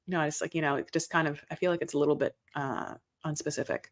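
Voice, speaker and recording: A woman's voice: sits low, fairly even intonation, fast, hardly any pauses, fairly bright tone. A woman host chatting casually as she recaps reality TV. She rambles, talks in circles and swears.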